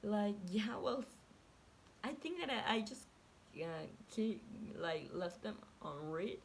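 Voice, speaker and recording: A woman's voice: medium pitch, sing-song, slow pace, vocal fry, slight background noise. A young woman telling a story casually, chatty and profane, with "like" in every sentence and quotes acted out. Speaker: vlogger.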